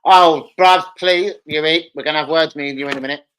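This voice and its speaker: A man with a British accent hosting a casual football fan livestream, ranting excitably and swearing freely. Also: on the high side, fairly quick, a little hiss or hum, rough recording. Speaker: live stream host.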